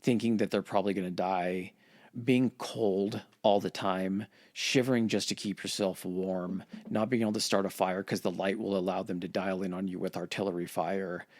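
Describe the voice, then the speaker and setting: A man casually retelling war history on a podcast, swearing and acting out quotes in voices. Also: deep voice. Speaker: podcast host.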